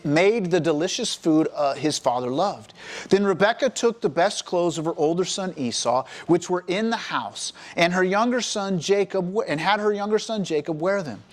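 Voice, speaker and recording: A man preaching a sermon to a college ministry, retelling a scripture story in an animated, storytelling way. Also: sits high, moderate pace. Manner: animated storytelling, acting out the characters.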